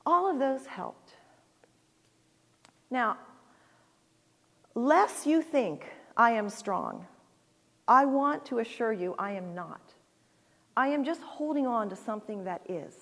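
A woman in her sixties, speaking as a guest at a church, gives an earnest, heartfelt personal talk with halting restarts and closes in prayer. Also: a little high, very animated, gravelly, fairly bright tone. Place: church sanctuary. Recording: long reverb of a large church hall.

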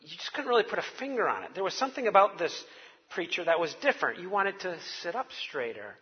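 A man's voice: sits high, sing-song, fast, breathy edge, long reverb tail, lo-fi sound. A man preaching a sermon to his congregation, telling it like a wry, conversational story. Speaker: pastor.

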